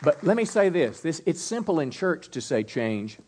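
A man's voice: a little high, sing-song, moderate pace, darkish tone, a faint crowd. A middle-aged male pastor preaching a sermon, with a folksy, conversational delivery, asking the congregation to repeat words and joking with them. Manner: call-and-response preaching, folksy asides to the congregation.

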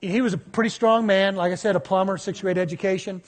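A man in his fifties preaching a sermon, telling stories in a lively way. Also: sits high, quick pace. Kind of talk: sermon storytelling.

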